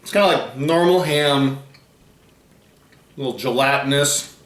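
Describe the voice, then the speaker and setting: A man hosting a food tasting video, chatting casually while he explains facts read off the packaging. His voice sits at an ordinary middle pitch. The room around him is echoey. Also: measured pace, fairly bright tone. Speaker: host of a food challenge channel. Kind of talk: casual chat.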